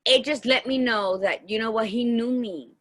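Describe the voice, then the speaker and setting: A woman co-hosting a casual podcast chat tells heartfelt personal stories, acting out the dialogue in them. Her voice is a little high and moves at a normal speed.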